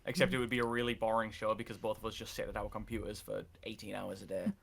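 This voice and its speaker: A man talking casually as an interview guest, relaxed and rambling. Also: on the low side, fast talker, vocal fry, a little hiss or hum.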